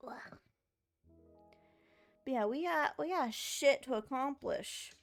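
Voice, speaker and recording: A woman's voice: high-pitched, expressive, takes it slowly, creaky, faint music behind. Sleepy chatty woman streaming a game. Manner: chatty, rambling, talks to her chat. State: sleepy, just woke up. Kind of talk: casual game-stream chat.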